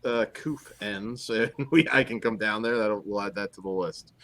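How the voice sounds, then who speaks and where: A man's voice: fairly low pitch, moderate pace, a bit bright, dry recording. A man co-hosting a horror podcast, making laid-back jokes in casual banter. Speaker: podcast co-host.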